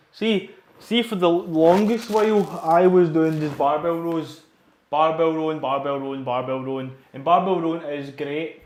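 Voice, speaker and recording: A man's voice: on the high side, darkish tone, reverberant. A Scottish man chatting casually and rambling while training in a gym, swearing often and repeating himself. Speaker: livestreaming gym-goer.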